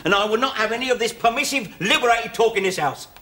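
A man's voice: very high voice, quick pace, bright, forceful tone. A wry ex-con in his forties. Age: 40s. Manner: wry, sarcastic banter. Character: 45-year-old male ex-convict, wry and grumbling.

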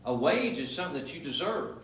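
A man's voice: fairly high pitch, sing-song, fairly quick, a bit bright. A male pastor preaching a sermon in an emphatic, repetitive style full of rhetorical questions, heard in a church. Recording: echoey room, mic at a distance.

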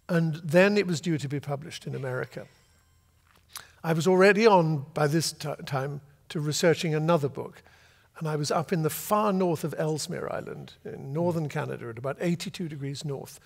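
An older man from Britain, an author telling a long, lively anecdote to a festival audience and acting out the voices he quotes. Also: a little high, vocal fry, big-room sound. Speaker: author guest. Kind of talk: storytelling at a festival talk. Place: festival venue before an audience.

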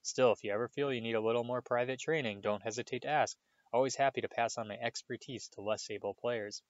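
A man voicing a vain, pompous wizard teacher who boasts and talks down with a showy warmth. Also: medium pitch, steady tone, quick pace, no echo, highs cut off, close to an everyday voice. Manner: pompous, showy, self-satisfied.

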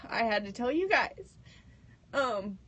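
A woman's voice: mid-range voice, moderate pace, lo-fi sound. A woman radio co-host sharing big personal news on air, nervous and tearful, laughing through her words. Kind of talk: emotional on-air announcement.

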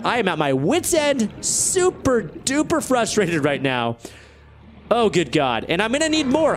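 A man talks through his game in a fairly high voice that swings widely in pitch. He rants in exasperation and shoots up high when frustrated. Soft music plays underneath. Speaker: let's play host. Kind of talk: gameplay commentary.

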